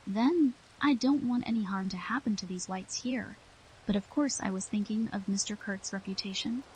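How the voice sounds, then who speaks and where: A woman's voice: mid-range voice, normal speed, a little mellow, slight background noise, lightly acted, rough recording. A woman reading the part of an anxious, earnest young man in an audiobook.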